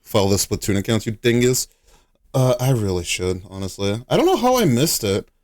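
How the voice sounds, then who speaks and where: A man's voice: medium pitch, very animated, fairly quick, no room sound. A young man chatting on a live stream, a little sick and coughing now and then, laughing, swearing and playing up outrage at his chat.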